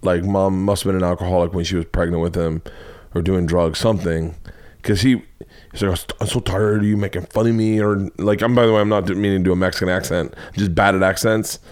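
A man's voice: low voice, brisk. A middle-aged man hosting his own podcast, rambling through stories in a loose, profane, comedic monologue. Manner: profane, rambling, animated storytelling. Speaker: podcast host.

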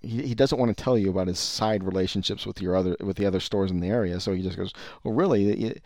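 A man with a fairly low voice rants in profane, rambling commentary. He keeps stopping and restarting his sentences. The sound is dry and close. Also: steady tone, quick pace, darkish tone, no room sound. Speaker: vape industry commentator. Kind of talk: ranting commentary.

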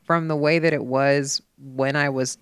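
A woman's voice: a bass voice, steady tone, measured pace, clean tone, no room sound, studio quality. A woman chatting casually and candidly, swearing freely and rambling with fillers. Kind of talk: casual chat.

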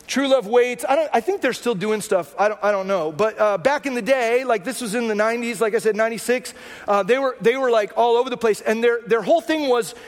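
High-voiced man preaching in a reverberant hall. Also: a little fast. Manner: conversational storytelling with self-mocking humor. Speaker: pastor. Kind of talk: sermon. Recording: long church hall reverb.

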